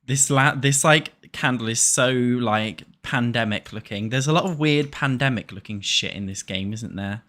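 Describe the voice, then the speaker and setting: A man's voice: mid-range voice, moderate pace, few pauses, a bit bright. A British man chatting and joking casually while streaming a life-sim game live, with a posh manner.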